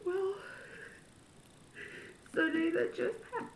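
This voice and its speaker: A woman's voice: very high-pitched, takes it slowly. A young woman telling a personal story in a confessional vlog, emotional and tearful, voice catching as she cries. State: crying. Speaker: vlogger. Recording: echoey room with faint noise.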